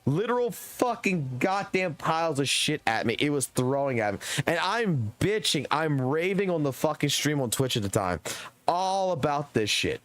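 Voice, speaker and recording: A man's voice: on the high side, sing-song, moderate pace, fairly bright tone. A young adult man streaming live, telling a long, rambling story in casual chat and swearing heavily. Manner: profane, rambling, heated storytelling.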